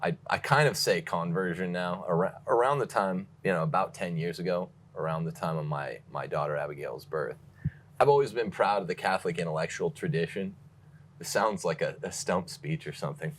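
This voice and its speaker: A man in his thirties with a very deep, low voice, talking as a podcast guest. He answers with dry, sarcastic humor. A faint hum runs behind him. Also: normal speed, few pauses, a bit bright. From California, raised in Texas. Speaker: guest author. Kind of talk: casual interview chat.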